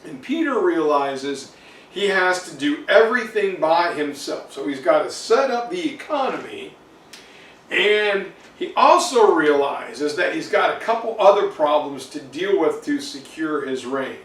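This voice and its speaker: A man's voice: fairly high pitch, very animated, a little slow, a bit bright. A man teaching an exam review lecture in a casual, digressive way with many fillers. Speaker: history teacher. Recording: roomy, distant mic, faint noise.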